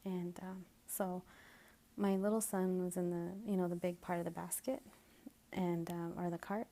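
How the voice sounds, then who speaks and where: Young woman, casual vlog storytelling, hesitant, a little out of breath, mellow dark tone, low pitch. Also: level tone, moderate pace. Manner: hesitant, many ums and restarts, drifting into soft whispers. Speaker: vlogger.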